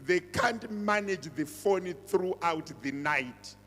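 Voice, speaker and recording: A middle-aged pastor speaks with a fairly high voice, driving his points home through emphatic repetition. His sermon rings out with the long reverb of a church hall. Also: animated, slow pace, a bit bright, soft background music. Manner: emphatic, repeats phrases, switches between languages.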